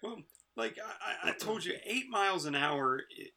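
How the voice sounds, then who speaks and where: A man's voice: high voice, animated, normal speed, gravelly, sharp tone. A man co-hosting a podcast in casual chat, telling rambling stories and laughing often. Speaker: podcast co-host.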